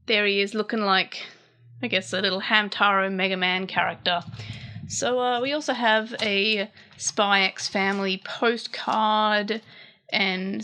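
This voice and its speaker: A woman's voice: mid-range voice, pushed and bright. A young woman, chatting casually as a channel host while she translates a comic and thinks aloud.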